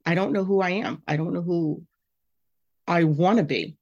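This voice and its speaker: Woman podcaster, kinda low voice, candid and emotional, just talking solo into her mic. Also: normal speed, a little mellow, highs cut off. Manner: candid, emotional, self-reflective. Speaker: podcast host. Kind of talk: personal podcast monologue.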